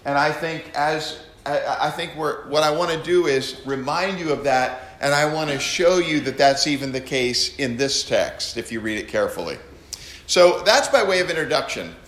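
A man teaching a sermon to a congregation, animated, acting out readings in different tones. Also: a little high, moderate pace. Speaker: pastor. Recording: echoey room.

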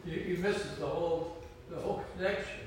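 A man's voice: fairly high pitch, steady tone, fairly quick. A man in a Bible study group adding blunt, emphatic comments. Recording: distant, echoey, noisy room.

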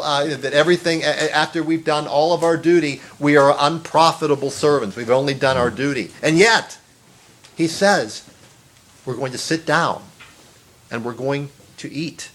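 A man's voice: on the high side, normal speed, fairly bright tone. Man preaching an earnest sermon. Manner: earnest, emphatic preaching with repeated words and rising exclamations. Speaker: pastor.

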